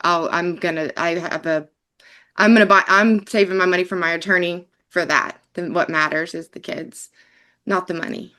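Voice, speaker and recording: Hesitant woman with a bright, low voice. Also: steady tone, normal speed. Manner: hesitant, defensive. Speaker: mother in a custody case. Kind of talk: court hearing.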